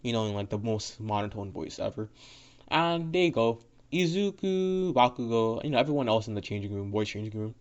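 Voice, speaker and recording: A man's voice: medium pitch, expressive, normal speed. A man casually retelling a fan story in a rambling, profane way, full of fillers and restarts. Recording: dull lo-fi audio.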